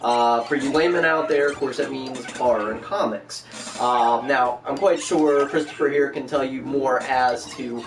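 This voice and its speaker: A man's voice: medium pitch, moderate pace, roomy sound. A man hosting a podcast, chatting casually and joking at his own expense. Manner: joking, chatty, self-deprecating. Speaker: podcast host. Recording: distant mic with background noise.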